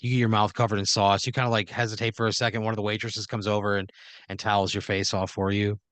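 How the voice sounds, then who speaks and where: Man, low voice, podcast host, improvised comedic story, rambling fillers, dry close mic. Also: level tone, fast, fairly bright tone, dry recording. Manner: rambling, filler-heavy scene-setting with acted-out quotes.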